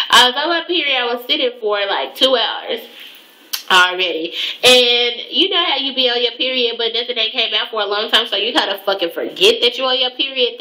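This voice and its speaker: A young adult woman telling a profane, animated story in a casual vlog, mimicking the people she quotes. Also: fairly high pitch, rough recording. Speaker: hair vlogger.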